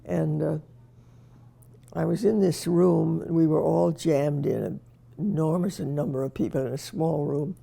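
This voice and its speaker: A woman's voice: low-pitched, measured pace, gravelly, dark tone. An older woman reminiscing in a casual interview, telling wry anecdotes and chuckling at herself.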